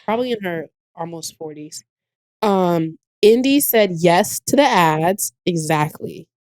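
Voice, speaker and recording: A woman's voice: fairly low pitch, animated, unhurried, darkish tone, no room sound. A young adult woman co-hosting a podcast in casual chat, blunt and joking, full of slang. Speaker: podcast co-host.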